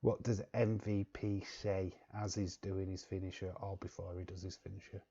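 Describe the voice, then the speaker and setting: A man's voice: low-pitched, level tone, moderate pace, warm tone, breathy edge, muffled recording. A young English man hosting a quiz on a live stream, joking and chuckling as he reads the chat. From England. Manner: joking, chuckling, repeats words while reading chat. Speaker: quiz host.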